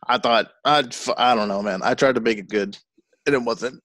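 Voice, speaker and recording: A man's voice: medium pitch, moderate pace, fairly bright tone, no room sound. A man co-hosting a podcast, chatting casually about a movie with sarcastic, profane jokes. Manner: sarcastic, profane, joking asides. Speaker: podcast co-host. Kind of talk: casual chat reviewing a movie.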